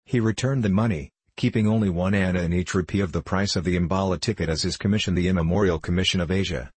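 A man reading a novel aloud as an audiobook narrator, in a measured, even storytelling manner. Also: sits low, breathy edge, dry recording. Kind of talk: scripted narration.

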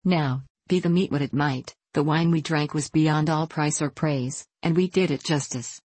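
Woman audiobook narrator, low voice, dry close sound, measured storytelling. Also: a little mellow, breathy edge, no echo. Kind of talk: scripted narration of a classic novel.

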